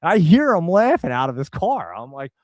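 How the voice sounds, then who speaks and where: A middle-aged man, host of a live show, telling a long story to viewers in a casual, animated way and laughing now and then. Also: a little high, moderate pace, dry recording.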